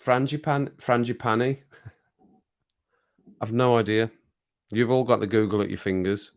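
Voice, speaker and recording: A man at a middle pitch who hosts a relaxed livestream. He rambles from one anecdote to the next in a chatty way and laughs easily. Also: unhurried. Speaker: livestream host. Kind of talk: casual chat with viewers over a drink.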